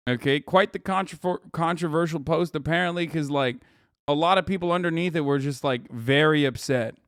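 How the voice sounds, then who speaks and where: A man's voice: on the high side, a little fast, clear, resonant tone, no echo, clean studio sound. A man in his thirties casually commenting on a video as a streamer, profane and mocking.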